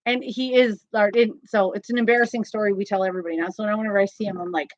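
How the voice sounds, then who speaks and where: A woman's voice: mid-range voice, brisk, no echo. A woman hosting a casual crochet live stream from home, chatty and laughing often. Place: home, indoors. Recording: slightly dull lo-fi sound.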